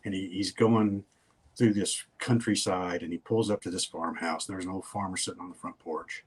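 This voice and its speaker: A man's voice: deep voice, steady tone, moderate pace, slightly rough. An older man, a guest in a casual interview, telling stories in a folksy, rambling way.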